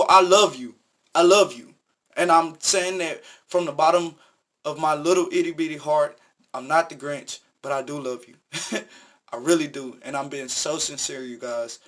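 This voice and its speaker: A man's voice: on the high side, fairly bright tone. A man vlogging, telling a personal story in an earnest, emphatic, repetitive way. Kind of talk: casual storytelling monologue.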